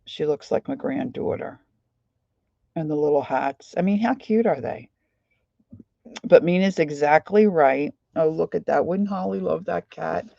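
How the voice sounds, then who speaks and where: A woman's voice: low-pitched, unhurried, gravelly, warm tone, dry recording, highs cut off. An older woman with a Philadelphia accent, chatting casually on a craft livestream and greeting viewers by name. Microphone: desk microphone.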